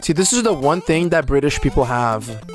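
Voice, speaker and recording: A man's voice: on the high side, animated, moderate pace, faint music behind. A young man from Brazil, chatting casually on a speedrun stream in rambling, slangy speech and muttering at his own gameplay. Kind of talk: casual livestream chat while playing.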